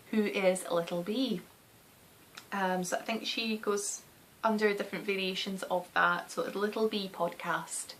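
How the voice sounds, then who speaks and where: A woman in her thirties with a soft West of Scotland accent, rambling chattily on her knitting podcast, often laughing and dropping into a whisper. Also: medium pitch, slight background noise. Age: 30s.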